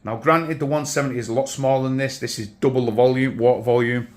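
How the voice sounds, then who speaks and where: A man of middle pitch, his voice a little worn as though he has lost it. He chats casually to his viewers indoors at home, rambling and restarting, full of enthusiasm about how fantastic and massive everything is. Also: steady tone, quick pace. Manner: rambling, with frequent restarts and repeated words; enthusiastic, keeps saying things are fantastic and massive. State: slightly lost voice. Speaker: aquarium hobby vlogger. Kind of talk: casual unboxing chat to camera. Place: indoors at home beside a large aquarium.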